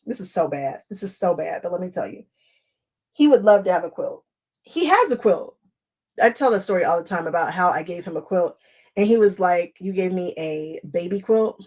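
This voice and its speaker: A woman's voice: on the low side, a little mellow, breathy edge. A woman hosting a quilting live stream, chatting casually and laughing often as she wanders off on tangents while cutting fabric at home. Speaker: quilting channel host. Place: home sewing space.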